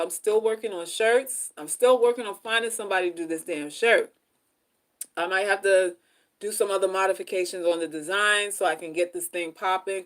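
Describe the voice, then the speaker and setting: A woman hosting a casual live stream on relationship advice, repeating herself and talking straight to her viewers, dropping to soft asides and then rising to loud, high outbursts. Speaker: livestream host, relationship advice.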